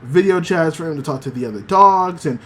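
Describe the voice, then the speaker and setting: A man's voice: a little high, animated, fairly quick. A man hosting a podcast, casually recapping an anime episode, rambling with many fillers. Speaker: podcast host.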